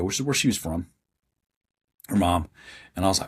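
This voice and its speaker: Deep, very husky man in his fifties. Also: animated, a little fast, pauses often. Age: 50s. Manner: plain-spoken, earnest storyteller. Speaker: guest. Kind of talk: storytelling in a podcast interview.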